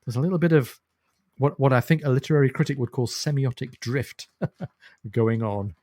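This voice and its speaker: A man co-hosting a podcast discusses a novel casually and thoughtfully, laughing now and then. His voice is mid-range and warm at a moderate pace, captured in clean studio sound with no room noise.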